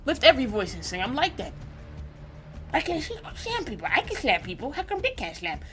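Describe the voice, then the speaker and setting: A woman hosting a sports reaction stream, talking casually in slang and swinging between loud outbursts and low mutters. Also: wildly swooping pitch, fairly quick, faint music behind. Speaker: sports reaction channel host. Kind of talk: casual live reaction commentary.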